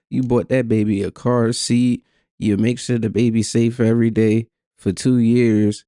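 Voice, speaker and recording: A man commentating casually on clips, blunt and profane, saying he is high. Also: dark tone, clear, resonant tone, no echo, studio quality. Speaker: reaction streamer.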